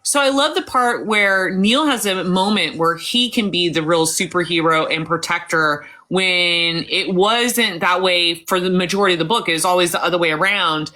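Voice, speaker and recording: A woman's voice: lowish voice, normal speed, hardly any pauses, bright, forceful tone. A woman hosting a live interview, gushing and eager as she tumbles through her words. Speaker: host. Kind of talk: casual live interview chat.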